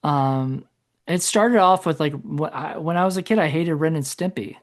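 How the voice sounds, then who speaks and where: A man with a fairly high voice talks at normal speed as co-host of a casual podcast. He tends to ramble, correct himself mid-stream, and leave thoughts unfinished.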